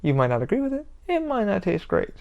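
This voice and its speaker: A man's voice: high voice, huge pitch swings, fast, creaky, a little mellow, highs cut off. A man hosting his own podcast, talking in a heated, rambling monologue with constant swearing. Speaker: podcast host. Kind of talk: casual monologue.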